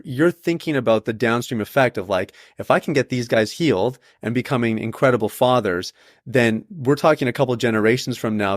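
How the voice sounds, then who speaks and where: Relaxed, affirming male podcast host. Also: mid-range voice, no room sound, clean studio sound. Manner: relaxed, affirming, casual fillers. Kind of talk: casual interview talk.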